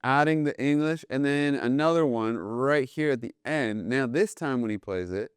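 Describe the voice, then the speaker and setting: Man teaching jazz drumming, smooth clear voice. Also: mid-range voice, moderate pace, dry recording, clean studio sound. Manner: relaxed, explanatory, peppered with "right?" and "like". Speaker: drum teacher. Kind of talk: casual instructional talk.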